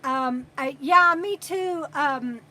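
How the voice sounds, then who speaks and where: Woman, 60s, high voice, casual live chat, reads comments aloud, meandering pauses. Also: pushed and bright. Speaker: RV vlogger hosting a livestream.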